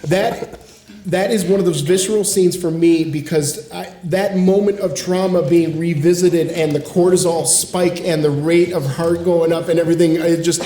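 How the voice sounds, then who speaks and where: Podcast co-host, 40s man, earnest and reflective, mellow tone, roomy sound. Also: fairly high pitch, steady tone, moderate pace. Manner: earnest, reflective, swears casually. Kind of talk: casual chat.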